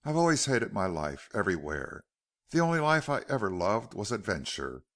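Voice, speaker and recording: A male narrator voicing a bitter, mocking outlaw leader who talks low and hard in an audiobook. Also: big pitch swings, moderate pace, a bit bright.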